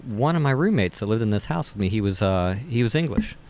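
Low-voiced rambling man. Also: expressive, quick pace, darkish tone, slight background noise. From West Virginia. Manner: rambling storyteller with many fillers and restarts. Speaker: brewer and guest. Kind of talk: casual conversation.

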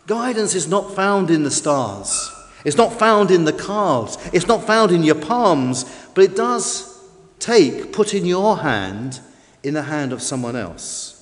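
A man with a high voice preaches a sermon, his emphasis rising and falling from line to line. The sound carries a long reverb, as in a large hall or church. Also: very animated, slow pace. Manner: emphatic, varied preaching delivery.

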